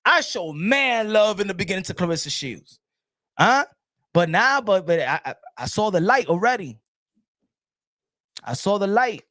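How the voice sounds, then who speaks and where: High, animated man. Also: normal speed, long pauses, dry recording, clean studio sound. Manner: animated, laughing, code-switching, repeats himself. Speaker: boxing live stream host. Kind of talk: casual live-stream chat.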